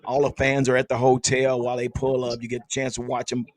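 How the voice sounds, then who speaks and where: A man's voice: medium pitch, monotone, quick pace, no room sound. A man hosting a casual sports fan podcast, upbeat and chatty, laughing often. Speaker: podcast host.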